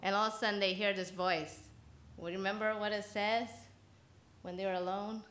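A woman's voice: medium pitch, steady tone, normal speed, fairly bright tone. Chatty woman telling a children's sermon. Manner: chatty, laughs often, asks the audience questions. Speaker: speaker giving a children's message at church. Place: church hall. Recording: echoey church hall, faint ambience.

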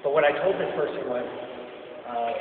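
A man's voice: medium pitch, moderate pace, noisy background. A man preaching a sermon, telling stories from everyday life and acting out the voices in his quoted dialogue with animation. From China. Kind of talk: storytelling sermon. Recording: echoey hall from far off, tinny lo-fi.

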